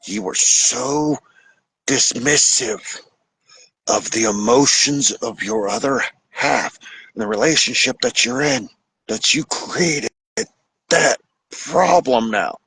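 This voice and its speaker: A man hosting a podcast, lecturing about relationships in a blunt, casual way with some swearing, switching between fast bursts and slow, drawn-out emphasis. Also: mid-range voice, fairly bright tone, slightly rough, no room sound, low-quality recording. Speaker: podcast host. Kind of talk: relationship advice monologue.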